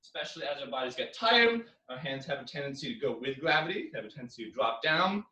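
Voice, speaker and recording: A man's voice: mid-range voice, animated, fast talker. Young male karate coach, echoey room. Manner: coaching, counting drills with loud yells. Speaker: karate instructor. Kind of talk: online exercise class. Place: living room. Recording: echoey room, far from mic.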